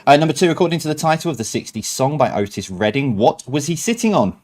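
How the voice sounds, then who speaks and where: A man's voice: fairly high pitch, very animated, fast talker, darkish tone. A man hosts a quiz night over a stream. He reads each answer in a chatty, easygoing way. He breaks off now and then with self-mocking remarks. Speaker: quiz host.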